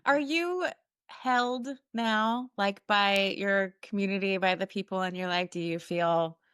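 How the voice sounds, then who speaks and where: A woman hosting a casual interview, blunt and relaxed, swearing freely. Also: medium pitch, unhurried, smooth, no echo, studio quality. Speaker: podcast host.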